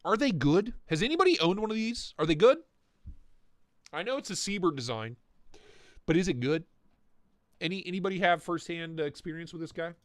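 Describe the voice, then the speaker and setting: A man's voice: sits high, expressive, a little fast, long pauses, no room sound, studio quality. A man hosting a casual live stream, riffing and joking with mock indignation, with a stuffy, blocked nose. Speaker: livestream host reviewing knife listings.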